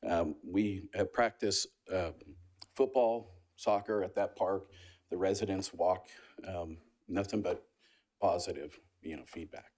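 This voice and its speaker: Deep slow-talking guy at the mic, kinda choked up, clearing his throat. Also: a little mellow. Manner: emotional, halting, clears throat. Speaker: public commenter. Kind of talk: public comment at a city meeting.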